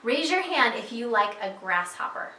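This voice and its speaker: A woman teaching an online preschool reading lesson, speaking slowly and clearly, guiding children word by word and asking them encouraging questions. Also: a little high, very animated, bright, forceful tone, a little hiss or hum. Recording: echoey room sound.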